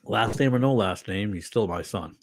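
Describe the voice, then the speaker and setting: A tired middle-aged pastor chatting casually on a livestream, rambling with many fillers and restarts. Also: male voice, on the low side, moderate pace.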